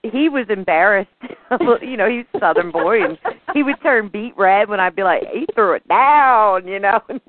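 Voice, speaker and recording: A woman's voice: medium pitch, animated, moderate pace, noisy background. A woman telling open, outspoken stories in casual chat, laughing as she goes. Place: Florida. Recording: tinny phone line, dry.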